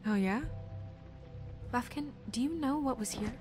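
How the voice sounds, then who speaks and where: A woman's voice: fairly high pitch, measured pace, lightly acted. Woman voicing a determined young deputy, earnest, music under her voice. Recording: game audio with music behind.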